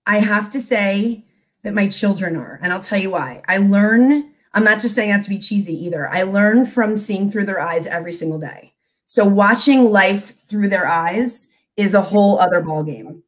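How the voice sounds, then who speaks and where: Woman, 30s, enthusiastic guest on a video call, restarts a lot. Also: mid-range voice. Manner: animated, quick bursts of enthusiasm, frequent restarts. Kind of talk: casual interview chat.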